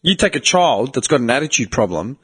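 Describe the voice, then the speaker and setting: A young man hosting a podcast, talking in a casual, animated, swearing way and mimicking other people in quoted voices. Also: mid-range voice, brisk, slightly rough. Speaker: podcast host.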